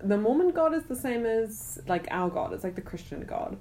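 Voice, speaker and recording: Lively laughing woman. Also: fairly high pitch, normal speed. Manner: animated, laughs often, mimics others. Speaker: podcast co-host. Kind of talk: casual chat among friends.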